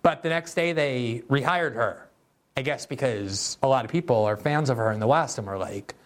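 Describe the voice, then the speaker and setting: A man's voice: mid-range voice, normal speed. A man hosting a political commentary show, talking in a sardonic, mocking, conversational way. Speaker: host.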